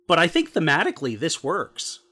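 A man's voice: a little high, wildly swooping pitch, brisk, bright, forceful tone. Rambling man in a casual podcast chat. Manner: rambling, repeats words as he starts sentences. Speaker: podcast co-host. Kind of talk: casual discussion of a TV episode.

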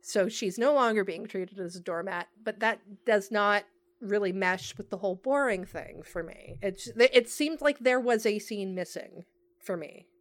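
A woman's voice: medium pitch, moderate pace, no room sound. A woman co-hosting a podcast, talking through a TV episode in a thoughtful, hedging way with many fillers. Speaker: podcast co-host. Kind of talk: casual discussion of a TV episode.

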